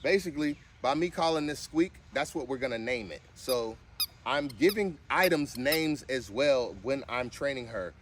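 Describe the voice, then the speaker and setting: Man, casual vlog, dog trainer, lively pitch, faint background noise. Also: normal speed. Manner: firm short commands, with high sing-song cues; lively, chatty explaining.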